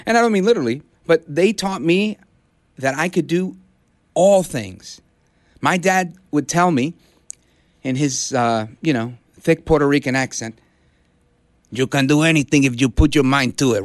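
A middle-aged man from Brooklyn fills in as a talk radio host, rallying his listeners. His voice sits a little high and swings widely in pitch. The studio sound is dry and close. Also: no room sound. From Brooklyn, New York. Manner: impassioned, rallying. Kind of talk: conservative talk radio monologue. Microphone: studio broadcast mic.

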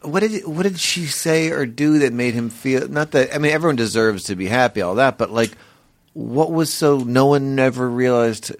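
A man's voice: medium pitch, normal speed, no room sound. A man chatting on a comedy podcast, joking, laughing often and stumbling over restarts. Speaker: guest comedian. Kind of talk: casual podcast chat.

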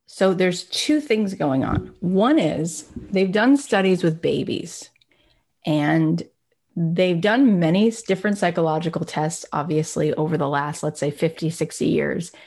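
A woman's voice: fairly low pitch, unhurried, a little mellow. A woman giving a candid, reflective motivational talk. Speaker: speaker.

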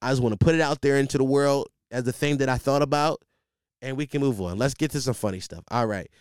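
A man's voice: medium pitch, fast talker, clean tone, no room sound, clean studio sound. A man hosting a podcast, riffing casually and comically, rambling with lots of fillers and restarts. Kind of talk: casual comedic monologue.

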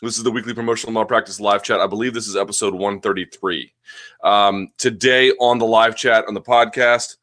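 A man's voice: medium pitch, fairly even intonation, a little fast, a bit bright. A man hosting a casual live chat from home, rambling, self-deprecating and often restarting his sentences. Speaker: host of a live chat show. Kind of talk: casual live-stream chat answering viewer questions.

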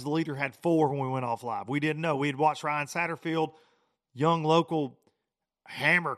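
A man, hosting a podcast and telling a fishing tournament story in a lively, rambling way. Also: fairly high pitch. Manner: animated storytelling, frequent restarts and repeats. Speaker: podcast host. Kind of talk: casual podcast monologue.

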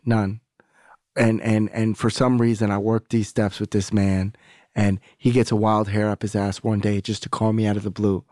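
Podcast guest: a man with a lowish voice and a dry, close sound, telling his story candidly and swearing freely. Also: darkish tone, no echo. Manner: candid, rambling, profane, acts out quoted dialogue. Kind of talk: casual storytelling conversation.

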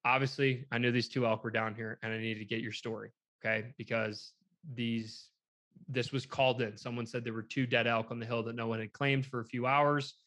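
A man's voice: mid-range voice, a little fast. Man rambling through a hunting story. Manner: rambling, animated retelling with quoted dialogue. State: shaken, emotional. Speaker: hunter telling a story. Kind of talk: casual storytelling.

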